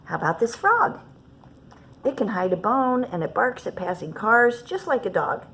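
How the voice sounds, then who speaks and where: A woman's voice: fairly high pitch, very animated, moderate pace, a bit bright, slight background noise. A woman reading aloud and voicing a male animal shelter keeper who eagerly pushes odd pets. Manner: eager salesman patter.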